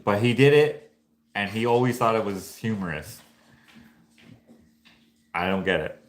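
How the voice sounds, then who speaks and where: A Canadian painter who runs his own channel hosts a casual vlog in a lowish, unhurried voice. He muses and thinks aloud, rambling loosely and restarting often. The room sounds echoey.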